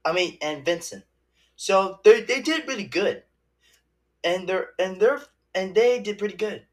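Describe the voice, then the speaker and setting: Young man, slow and halting, lively higher voice, casual rambling film review. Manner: rambling, halting, many restarts and fillers. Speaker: movie reviewer.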